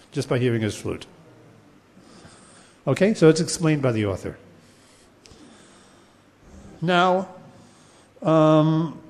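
Teaching a class on Sanskrit poetics, a man talks in a high-leaning voice with a darkish tone. He is patient, chants a Sanskrit verse from time to time, and keeps restarting his sentences with fillers, all within a lecture recorded in a long, reverberant hall.

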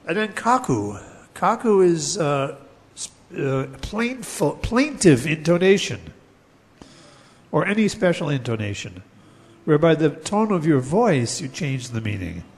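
A man teaching a lecture on poetics, explaining terms step by step and chanting verses slowly. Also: on the high side, sing-song, big-room sound.

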